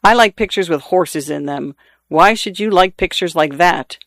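A man reading the lines of a bored, bitter husband who drinks through the afternoons, in a flat, sullen, blunt way. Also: high voice, normal speed, no echo, studio quality.

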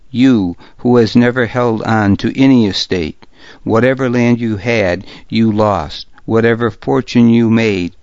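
A man's voice: fairly low pitch, darkish tone, no echo, dull audio, close to an everyday voice. A man voicing a scornful, defiant old lord in an audiobook, cold and cutting. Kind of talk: audiobook character voice.

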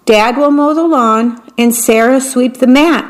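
A bossy storybook mother barks chores at her family in a raised, higher voice, as a woman reading aloud puts her on. She is impatient and keeps everyone moving. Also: unhurried, poor audio.

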